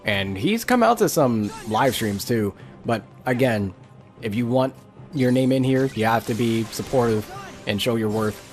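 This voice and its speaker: A man's voice: medium pitch, expressive, measured pace, faint music behind. A man giving casual, rambling gameplay commentary as a let's play YouTuber, frustrated and full of filler words.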